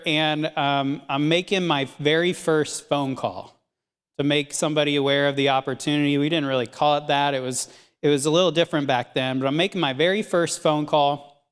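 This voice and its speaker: A man with a notably high voice tells a training story with animated energy, laughing between anecdotes. His voice rings out with a long reverb trailing behind it. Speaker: team leader giving a training talk. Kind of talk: motivational storytelling.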